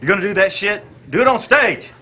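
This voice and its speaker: Meet a gruff, foul-mouthed Texan straight out of a grindhouse film, his thick Texas drawl bright and forceful. He barks orders in halting bursts, with odd little pauses in every line. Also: sits high, expressive, slight background noise. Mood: scolding.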